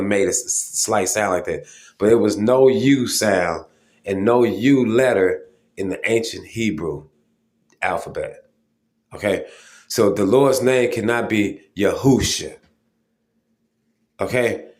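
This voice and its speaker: Man, low register, casual preaching monologue, emphatic, keeps checking in with listeners. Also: a little mellow. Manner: informal and emphatic, with many fillers and "okay?" check-ins. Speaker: religious video host.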